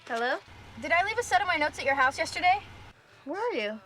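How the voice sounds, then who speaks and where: Rory Gilmore, flustered and pleading. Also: female voice, extremely high pitch, sing-song, bright, forceful tone, faint music behind, full character voice. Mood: frantic. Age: young adult. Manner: pleading, flustered, talks in quick bursts. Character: earnest, anxious young woman, a student. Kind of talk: TV comedy-drama acting.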